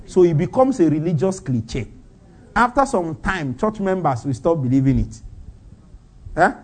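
A man's voice: on the high side, very animated, moderate pace, darkish tone. A man preaching a sermon, firing off rhetorical questions and breaking into laughter.

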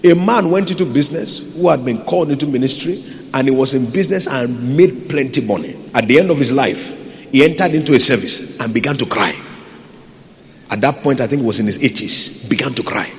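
A man's voice: medium pitch, a little fast. A man preaching a sermon as pastor, impassioned and calling out to his congregation. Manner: impassioned, rising and falling between loud pleas and quiet asides; calls out to the congregation. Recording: long reverb from a large hall.

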